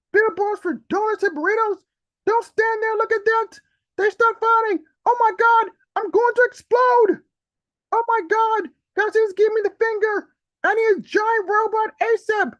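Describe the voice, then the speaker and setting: A man performing comic poetry as a panicky male bystander, with shrill, frantic exclamations over a video call. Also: fairly bright tone, no echo, lo-fi sound. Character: panicky adult male bystander watching monster chaos. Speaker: open mic poet.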